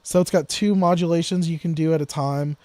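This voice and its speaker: A man co-hosting a casual podcast, talking in a rambling way full of asides and restarts. His voice sits a little higher than most men's and has a soft, mellow tone. The sound is dry, with no room echo. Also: steady tone, fairly quick. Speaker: podcast co-host. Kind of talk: casual gear-talk chat.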